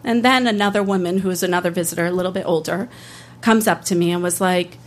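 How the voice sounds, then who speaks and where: A woman, a public defender, telling a true personal story on stage in an earnest, candid way with halting restarts. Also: lowish voice. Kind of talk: live first-person storytelling.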